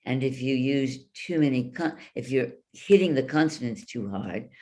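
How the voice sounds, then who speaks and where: A woman teaching speech over a video call, slowly demonstrating vowels and consonants with drawn-out sounds. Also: extremely low pitch, animated, darkish tone.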